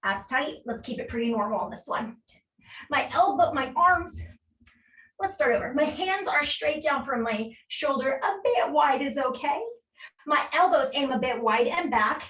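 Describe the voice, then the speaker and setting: A woman with a fairly high voice coaches a workout class, counting reps and cheering people on while she exercises along, a little breathless. She is heard from some way off the mic, in an echoey room. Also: animated, moderate pace, fairly bright tone, distant mic. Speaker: fitness instructor. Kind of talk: live workout class instruction.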